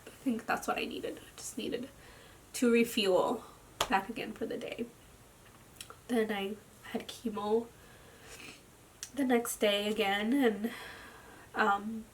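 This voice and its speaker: A tired young woman speaking a personal video diary at home into her camera. She talks haltingly, with lots of "like," and often drops into a near whisper. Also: mid-range voice, a little hiss or hum. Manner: slow, halting, with frequent "like" fillers and soft, near-whispered stretches. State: tired and drained. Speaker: vlogger. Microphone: camera mic.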